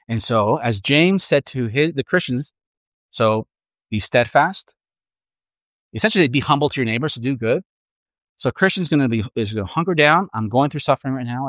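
A male pastor delivers an earnest, reflective sermon, pausing to let his points land. His voice sits at an ordinary middle pitch. The sound is dry, with almost no room echo. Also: fairly bright tone. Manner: earnest, reflective preaching with pauses. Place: church room with a congregation.

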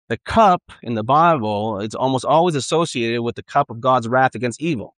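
A man's voice: mid-range voice, moderate pace, few pauses, fairly bright tone, no echo. A man preaching a sermon in an earnest, conversational way, often repeating and restarting phrases. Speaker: pastor.

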